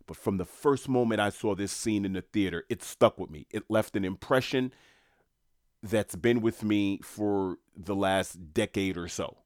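New guy chatting to his viewers, rambling, lowish voice, dry close mic. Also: a little mellow, no room sound. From New York. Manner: rambling, conversational, addresses viewers. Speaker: commentator. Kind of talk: casual monologue.

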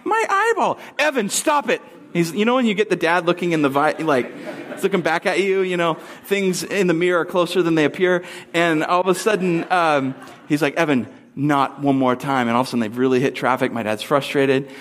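A thirtysomething preacher speaks fast as he casually relates a family story in his sermon, dropping into squeaky, high impressions.

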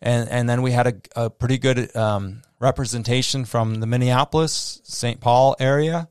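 A man's voice: medium pitch, steady tone, normal speed, clear, resonant tone, dry recording, studio quality. A man with a Midwestern American accent hosting a solo podcast, talking casually with many fillers and restarts. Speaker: podcast host. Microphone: close podcast mic.

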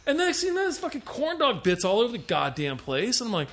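Really high bright voiced guy, hyped, says dude constantly and cusses. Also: quick pace. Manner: excitable, slangy, says dude a lot, swears. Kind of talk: casual chat.

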